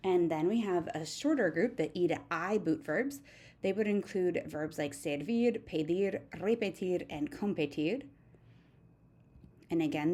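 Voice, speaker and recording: This recorded grammar lesson comes from a woman Spanish teacher with a lowish, mellow voice. Patiently and methodically, she takes the verb forms one at a time in a steady recitation.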